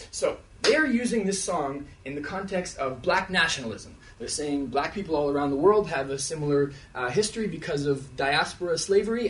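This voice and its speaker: Lively, high-pitched Canadian man rapping on stage. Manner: playful, rhythmic, quick wordplay with laughing asides. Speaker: rap performer. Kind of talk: live stage rap comedy lecture. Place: theater stage before an audience. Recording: live stage sound picked up from a distance.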